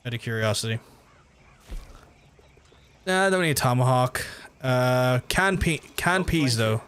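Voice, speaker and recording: Swearing freely and often restarting his sentences, a Northern Irish man with a softened Belfast accent casually commentates his own game stream. His medium-pitched voice is expressive, clear and resonant, a little on the slow side.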